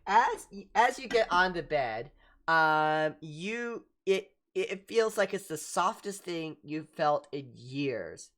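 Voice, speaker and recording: A woman narrating a tabletop game as game master, halting and full of restarts. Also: low-pitched, lively intonation.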